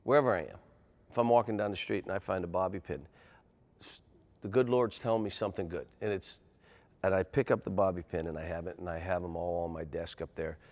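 An older man, a basketball coach, telling animated stories in an interview and getting loud and excitable. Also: deep voice, brisk. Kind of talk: interview storytelling.

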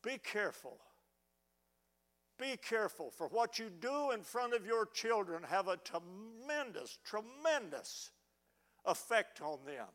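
A man's voice: high voice, very animated, slow pace, a bit bright. A middle-aged man preaching a fervent sermon, often stammering as he restarts words. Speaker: pastor. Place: church sanctuary.

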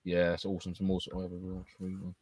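A man's voice: low-pitched, monotone, very fast, darkish tone, breathy edge, dry recording. A man co-hosting a podcast, joking and teasing his co-hosts in casual banter. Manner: teasing, jokey. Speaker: podcast co-host.

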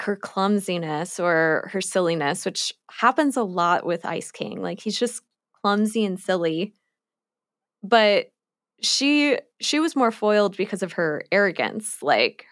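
Female podcast co-host, unhurried casual delivery, dry recording. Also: medium pitch, dry recording. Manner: chatty, many likes, frequent laughs. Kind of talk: casual chat discussing a cartoon episode.

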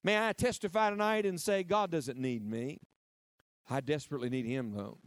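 A man's voice: fairly high pitch, fairly even intonation, normal speed, no room sound. A man preaching a sermon, emphatic and repetitive. He drives key phrases home, prompts the congregation to answer and drops playful asides.

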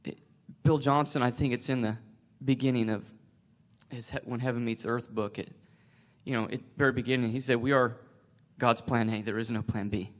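A man sharing a personal faith testimony, emotional and tearful, halting with many restarts. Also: mid-range voice, fairly even intonation.

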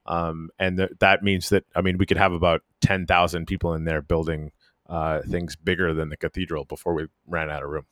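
A podcast host from the Canadian Arctic, with a very deep voice, leads a relaxed, casual chat at a fairly quick pace. He rambles through his thoughts with plenty of "um"s and restarts, and the sound is close and dry with no room echo.

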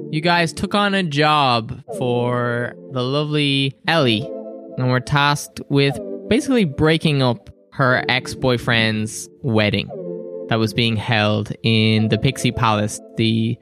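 A man's voice: mid-range voice, slow, music in the background. A man hosting a podcast and narrating as dungeon master, with a loose, jokey, chatty manner. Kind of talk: hosting and narrating a tabletop game.

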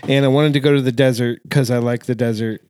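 A man chatting as a guest, relaxed and explaining things plainly. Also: mid-range voice, fast, smooth. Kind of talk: casual chat.

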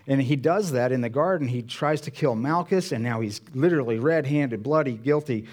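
A pastor giving a sermon in a conversational way, acting out Bible dialogue with changes of voice. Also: male voice, mid-range voice, normal speed, a little mellow.

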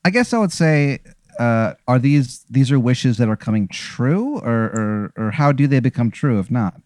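A man's voice: medium pitch, expressive, moderate pace, darkish tone, dry recording, studio quality. A man playing a tabletop game, laid-back, laughing easily and swearing casually. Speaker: player.

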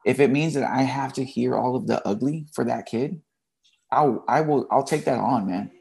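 A man's voice: mid-range voice, moderate pace, creaky, darkish tone. A man, a teacher and podcast guest, telling a candid personal story in a blunt, emotional way with casual slang.

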